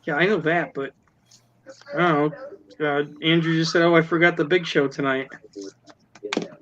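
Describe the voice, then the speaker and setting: A man's voice: a little high, steady tone, moderate pace, fairly bright tone. A man cracking dry jokes in a casual group chat on a live stream. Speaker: stream participant. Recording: dull noisy stream audio.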